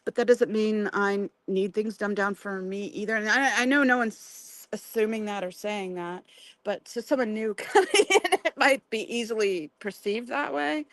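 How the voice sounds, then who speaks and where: A woman's voice: mid-range voice, normal speed, a bit bright, no echo, low-quality recording. An American woman hosting a live video chat, feisty and chatty, given to ranting and laughing. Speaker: livestream host. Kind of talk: casual chat. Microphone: video call.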